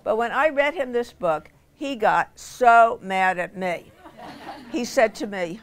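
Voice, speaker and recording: A woman's voice: on the high side, slow. A woman, a children's author, reading her picture book aloud at a storytime in a bookstore and coaxing the children to join in. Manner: animated, playful storyteller coaxing kids to join in. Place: indoor bookstore reading event.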